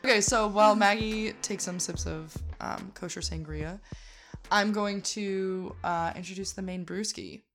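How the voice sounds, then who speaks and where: A woman's voice: medium pitch, steady tone, unhurried, fairly bright tone, faint music behind. A woman hosting a podcast in casual chat, making wry, joking asides. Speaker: podcast host.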